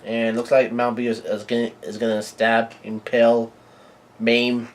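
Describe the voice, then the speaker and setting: A man hosting his own channel, reading a comic chapter aloud live and reacting as he goes, with halting delivery full of fillers and restarts. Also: medium pitch, monotone.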